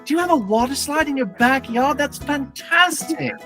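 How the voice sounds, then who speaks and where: A man putting on a gushing, high voice as a cheerful posh English woman, with a put-on British accent. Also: moderate pace, bright, forceful tone, soft background music.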